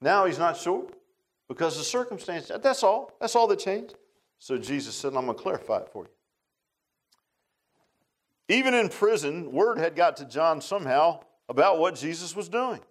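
A man's voice: on the high side, animated, normal speed. A man teaching a Bible study class in a casual, folksy sermon style, often asking his listeners questions.

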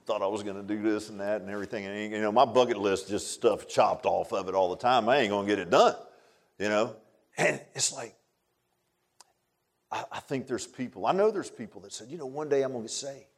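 A man, preaching a sermon in a folksy way, dropping to hushed asides and rising to loud emphatic lines. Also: on the low side, brisk. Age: 60s. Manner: folksy, repeats phrases, calls listeners "man". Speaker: pastor.

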